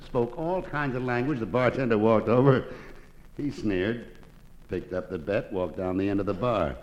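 A man telling a joke as a guest storyteller, lively and animated, on an old radio broadcast. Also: fairly low pitch, normal speed, muffled recording.

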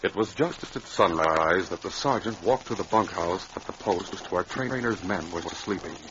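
Male narrator, measured and dramatic, dull old radio recording with heavy hiss. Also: low voice.

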